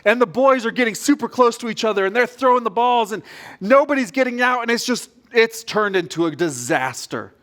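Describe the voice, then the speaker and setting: A man preaching a sermon as pastor, telling a story in an animated, direct way. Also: very high voice, fairly quick.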